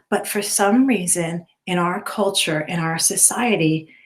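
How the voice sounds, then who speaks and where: A middle-aged woman teacher giving a recorded lecture to students in a conversational way, with many fillers and tag questions. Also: medium pitch.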